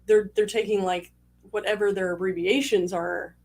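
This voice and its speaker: A woman's voice: mid-range voice, fairly even intonation, moderate pace, darkish tone. Playful woman reading trivia questions. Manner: playful, teasing, laughs often. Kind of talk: casual live-stream chat.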